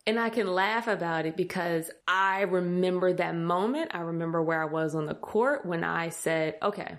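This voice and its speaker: Woman host chatting to listeners, kinda low voice but jumps way up when she acts out her freakouts, makes fun of herself. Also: normal speed. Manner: animated, self-mocking, acts out her own thoughts in a higher voice; talks directly to listeners as "y'all". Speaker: podcast host. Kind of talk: casual storytelling to listeners.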